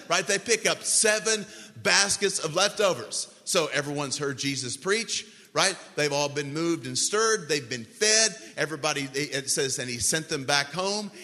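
A man preaching a sermon as pastor, telling the story with animated voices for panicked disciples. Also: fairly high pitch. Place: church sanctuary. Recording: long reverb of a large hall.

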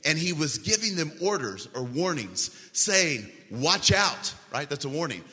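A man preaching a sermon as pastor, telling the story with animated voices for panicked disciples. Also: a little high, normal speed. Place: church sanctuary. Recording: long reverb of a large hall.

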